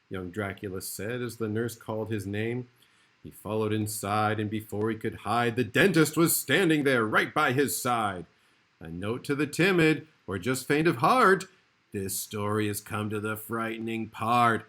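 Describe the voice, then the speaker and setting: A man's voice: lowish voice, a little slow, a bit bright. A male kindergarten teacher reading a rhyming storybook aloud in a playful, rhythmic way.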